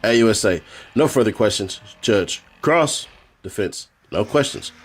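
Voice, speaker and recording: A man's voice: lowish voice, a little slow, a little hiss or hum. A man streaming, reading a court transcript aloud in a casual way and breaking off for joking asides. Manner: reads flatly, then breaks off for joking asides and laughs.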